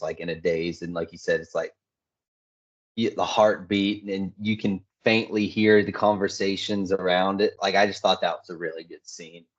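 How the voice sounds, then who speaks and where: Lower-voiced man, animated casual chat. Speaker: podcast co-host. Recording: dull lo-fi recording.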